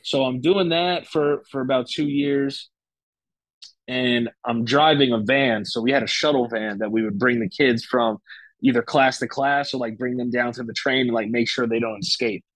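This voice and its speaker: A young man talks through a personal story in an easy, rambling way, restarting sentences and swearing freely. His voice is of average pitch and sits dry and close to the mic. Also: fairly even intonation, normal speed, fairly bright tone, no echo, poor audio. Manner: loose, profane, lots of fillers and restarts. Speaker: guest. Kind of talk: casual storytelling.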